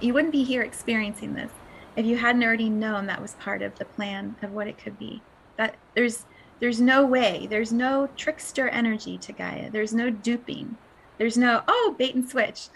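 A woman hosts a spiritual podcast in a dreamy, breathy voice, often dropping to near-whispers and breaking into laughter. Her voice sits a little high and carries a gravelly fry at the ends of phrases. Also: a bit bright, slight background noise, low-quality recording. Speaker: podcast host.

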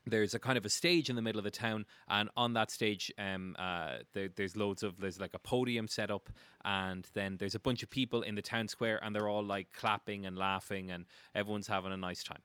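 A man's voice: fairly low pitch, a bit bright, smooth, no room sound. A man narrating a tabletop game as game master, in a rambling style full of fillers and laughter.

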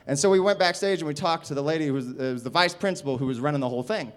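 A stand-up comedian, a man, telling a rowdy story in casual, animated speech with laughter and swearing. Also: fairly high pitch, racing, few pauses.

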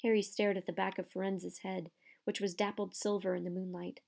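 Woman audiobook narrator, mid pitch, gravelly, steady storytelling. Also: a little fast.

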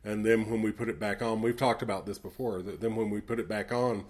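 Man, from Tennessee, slightly low voice, measured and reflective, podcast co-host. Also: fairly even intonation. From Tennessee, USA. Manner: thoughtful, measured explainer. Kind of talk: casual podcast chat.

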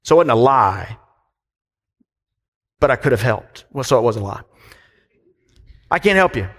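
A man's voice: mid-range voice, normal speed, a bit bright, husky. A pastor preaches in an easy, conversational way, often turning questions back on his listeners. His voice sits in a middle range for a man. The sound carries the long reverb of a large church hall. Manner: conversational, asks the congregation questions. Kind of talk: sermon.

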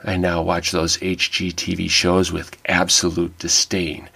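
A man's voice: sits low, completely flat delivery, measured pace, creaky, few pauses, bright, forceful tone, breathy edge. A middle-aged man giving an earnest, wry personal reflection that turns to faith. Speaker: devotional speaker.

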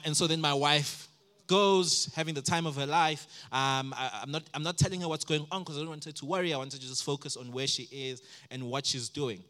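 A man, a pastor from South Africa, preaching a sermon and telling stories about his own life, sometimes acting out his past outbursts loudly. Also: fairly high pitch.

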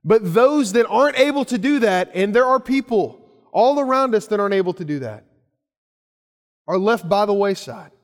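High-voiced pastor preaching in a hall. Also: male voice, animated, normal speed. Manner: earnest preaching with repeated phrases and restarts. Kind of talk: sermon.

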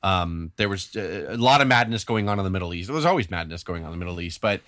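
Speaking low and quickly, a podcast co-host tells a story in casual conversation, animatedly acting out each quote. The recording is studio quality without echo.

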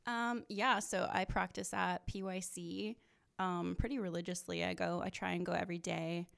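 Woman guest, kinda shy and hesitant, lots of fry in her voice, lowish. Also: steady tone, normal speed, a bit bright. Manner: modest, hesitant, giggly. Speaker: graphic designer, guest. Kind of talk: casual interview chat.

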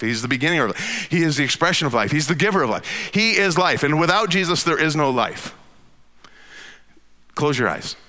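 A man preaching a sermon, swinging between loud emphatic lines and hushed near-whispers. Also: on the high side, long reverb tail. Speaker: pastor.

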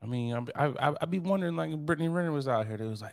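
A man's voice: a little high, lively intonation, very fast, gravelly. Laid-back joking man on a podcast. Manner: joking, loose, laughs at his own bits. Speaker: podcast co-host. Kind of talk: casual banter.

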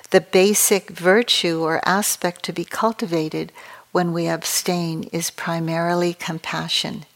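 A woman meditation teacher giving a dharma talk at a retreat, speaking in a calm, measured and reflective way. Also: lowish voice.

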